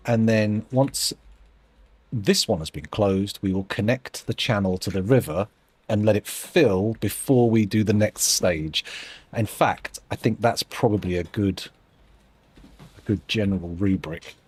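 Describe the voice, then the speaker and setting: A man's voice: fairly low pitch, measured pace, a little mellow, slightly rough. A man streaming a game, chatting casually and thinking aloud with dry, self-mocking asides. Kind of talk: casual live-stream commentary while playing.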